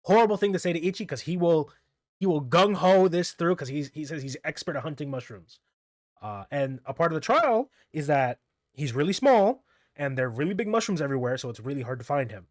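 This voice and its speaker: Man, higher voice, casual manga recap, rambling, self-correcting, chuckles, dry close sound. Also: lively intonation, brisk, no echo. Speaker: manga reviewer.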